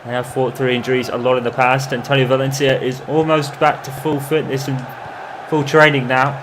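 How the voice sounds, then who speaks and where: A man commentating over his own football video game in the style of a match broadcaster, calm between plays and erupting into shouts when a goal goes in. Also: medium pitch, fairly quick, noisy background. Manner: excitable, bursts into shouting on goals. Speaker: gamer doing mock football commentary. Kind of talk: playful imitation of match commentary over gameplay.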